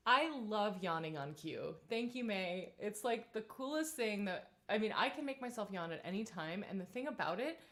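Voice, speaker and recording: A woman in her thirties, a vocal coach leading a live-streamed singing warm-up, chatty and encouraging, with many fillers. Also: medium pitch.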